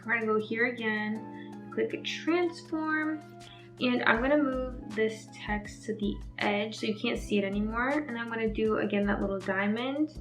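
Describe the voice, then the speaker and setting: A woman's voice: on the high side, moderate pace, over music. Young woman tutor, chatty and upbeat, talks through edits casually; echoey room sound. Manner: chatty, upbeat, uses "like" often. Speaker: video editing tutor. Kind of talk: casual screen-recorded tutorial.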